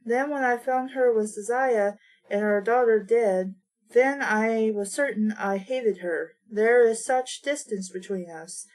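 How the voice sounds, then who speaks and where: A woman reading aloud, voicing a weary nobleman who is torn between two women, in a slightly lowered voice. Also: darkish tone, natural voice.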